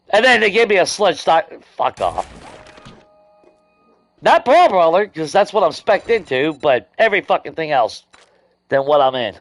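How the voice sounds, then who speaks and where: A man's voice: fairly high pitch, very animated, normal speed, long pauses. A man streaming a video game, ranting angrily about glitches with constant swearing. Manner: angry ranting, heavy swearing. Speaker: gaming streamer. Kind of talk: live gameplay stream commentary.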